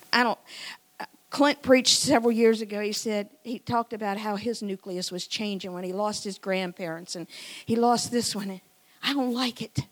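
A woman in her sixties preaching a sermon in church, moving from loud emphatic lines to hushed, whispered ones. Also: medium pitch. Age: 60s.

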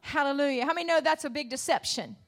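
A woman preaching a sermon from the United States, calling out to the congregation and building to loud, emphatic passion. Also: sits high, fast talker.

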